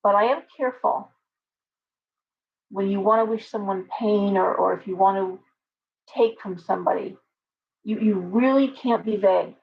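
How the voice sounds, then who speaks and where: A woman's voice: medium pitch, normal speed, creaky, long pauses, slight background noise. A woman hosting a casual tarot livestream, talking animatedly with restarts and asides to her viewers. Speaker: tarot reader and livestream host. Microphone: webcam with ring light. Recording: slightly dull lo-fi stream audio.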